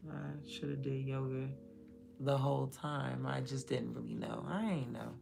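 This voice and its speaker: A young woman talks on her livestream in a low, deep voice. Her voice has a gravelly fry. She rambles in a blunt, profane, casual way. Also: little pitch movement, measured pace, over music. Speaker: livestream host.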